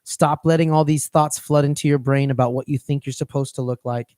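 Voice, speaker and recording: A man's voice: mid-range voice, steady tone, fairly quick, a little mellow, dry recording, studio quality. A man co-hosting a fitness coaching podcast, talking casually and rambling, often restarting his phrases.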